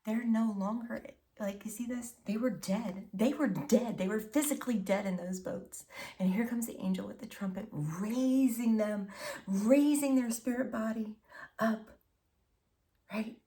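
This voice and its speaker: A woman's voice: on the high side, unhurried, mellow, distant mic. A woman giving a channeled tarot reading, intimate and emotional, often dropping to a whisper and calling listeners honey and baby. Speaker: tarot reader.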